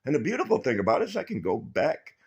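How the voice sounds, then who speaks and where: A man's voice: mid-range voice, fast talker, highs cut off. A man telling a long, rambling story to his viewers, swearing constantly and mocking the people he quotes. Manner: profane, rambling, animated storytelling; quotes others in mocking voices. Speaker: vlogger. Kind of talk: rambling profane monologue.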